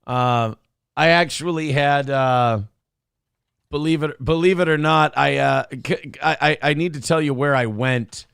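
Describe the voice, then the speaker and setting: A man's voice: on the high side, measured pace, creaky, fairly bright tone, smooth, dry recording, clean studio sound. A man hosting a casual morning talk show, rambling and self-deprecating as he reads viewer messages aloud. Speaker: show host.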